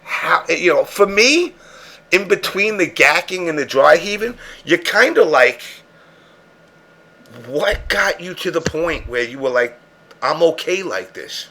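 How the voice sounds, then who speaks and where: A man's voice: on the high side, animated, a little slow, bright, forceful tone. A man hosting a podcast, telling long profane stories in casual chat. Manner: profane, rambling storyteller. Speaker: podcast host.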